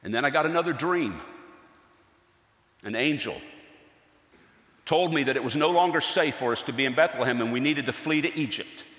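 A man playing a gentle, devout, middle-aged carpenter and father, telling his story earnestly in a first-person stage monologue. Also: medium pitch, moderate pace, pauses often, close to an everyday voice. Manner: earnest, storytelling, softens to near-hush at key moments. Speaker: actor in a dramatic monologue. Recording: echoey hall with long reverb.

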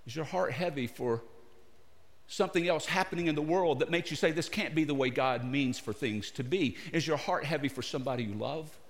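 A male pastor preaching a sermon in short phrases, pausing often and putting questions to his listeners. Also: a little high. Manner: broken into short phrases with pauses. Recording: long reverb of a large hall.

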